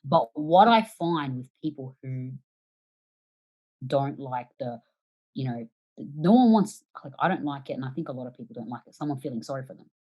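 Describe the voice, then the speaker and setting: A woman guest on a podcast giving casual conversational advice, animated and acting out quoted reactions, swearing now and then. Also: rumbling low, moderate pace, breathy edge, low-quality recording.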